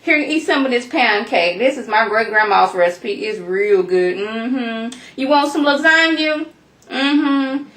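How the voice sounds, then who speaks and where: A doting, grandmotherly devil worshipper, as a woman puts her on fusses over a young man and pushes food on him. She speaks high and eager, and the room echoes around her voice. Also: measured pace, a bit bright. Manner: doting and pushy, insisting on feeding him.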